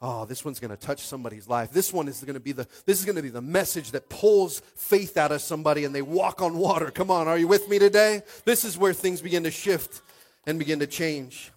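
Pastor guy preaching, kinda high voice, goes from hushed to shouting, super animated. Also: fairly quick. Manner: animated, swinging from hushed to shouting, acts out scenes. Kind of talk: sermon.

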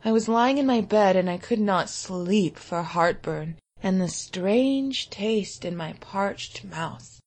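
A woman giving a dramatic reading of a classic short story, moving from loud cries to hushed whispers. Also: medium pitch, lively intonation, takes it slowly, hardly any pauses. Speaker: reader.

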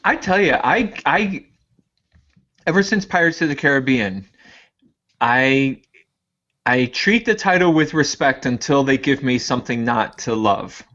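A man co-hosting a podcast, chatting casually and telling jokey, animated stories. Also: mid-range voice, measured pace, pauses often, lo-fi sound. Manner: joking, animated storyteller. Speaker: podcast co-host. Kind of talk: casual chat.

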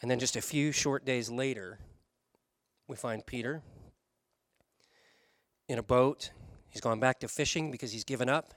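A man preaching a sermon, telling a story in an animated way, switching between quick runs and slow, stressed words. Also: medium pitch, no echo, studio quality. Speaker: pastor.

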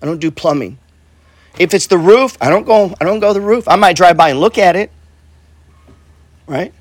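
A man's voice: high voice, lively intonation, moderate pace, no echo. A middle-aged man, an investor and coach, giving a casual motivational talk. He is blunt and profane, repeats himself, and keeps asking "right?" and saying "bro.". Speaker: real estate investor and coach.

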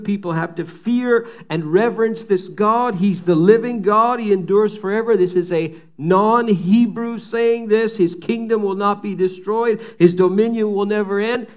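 Preacher, male, higher-pitched voice, storytelling sermon delivery, acts out the quotes. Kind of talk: sermon retelling a scripture story.

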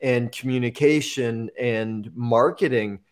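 Chatty host from the US Northeast. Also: male voice, medium pitch, takes it slowly. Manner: chatty, rambling, many fillers. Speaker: podcast host. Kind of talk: casual interview chat.

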